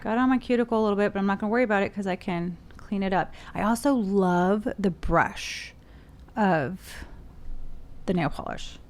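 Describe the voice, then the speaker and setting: Smooth-voiced woman chatting through her nails. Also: medium pitch, normal speed. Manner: chatty, self-narrating while painting nails. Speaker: beauty vlogger. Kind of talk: casual tutorial chat. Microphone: desk mic.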